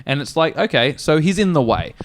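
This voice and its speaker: A man's voice: fairly high pitch, fairly quick, slight background noise. A man telling a funny story on a comedy podcast, swearing freely and acting out the people in it. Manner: animated, swears a lot, acts out characters with raised voice.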